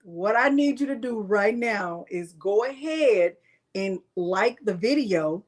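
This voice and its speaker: A woman's voice: mid-range voice, animated, takes it slowly. A middle-aged woman hosting a crafting livestream, chatting casually and playfully as she calls out viewers by name. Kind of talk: casual live-stream chat.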